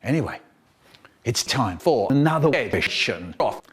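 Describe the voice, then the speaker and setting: A man in his seventies, or an AI clone of one, talking in a choppy, spliced comedy collage with sudden jumps in pitch and loudness. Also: sing-song, takes it slowly, pauses often, a crowd in the background. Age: 70s. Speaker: impression of a famous storyteller. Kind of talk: comedic sentence-mixed collage.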